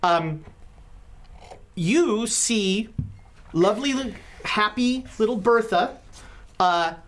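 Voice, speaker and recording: A woman running a tabletop horror game as game master, narrating with many pauses and restarts. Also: mid-range voice, animated. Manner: halting, with many fillers and restarts.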